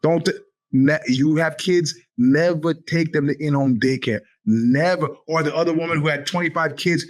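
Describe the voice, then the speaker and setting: Animated, profane male podcast host. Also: fairly high pitch, normal speed. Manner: animated, profane, sarcastic storytelling; puts on quoted voices. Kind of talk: casual monologue.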